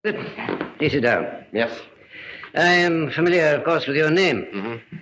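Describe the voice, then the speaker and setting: An actor playing a cold, curt aristocratic husband in an early 1930s film, with clipped speech. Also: male voice, fairly high pitch, animated, slow. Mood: aloof. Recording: old film soundtrack with hiss.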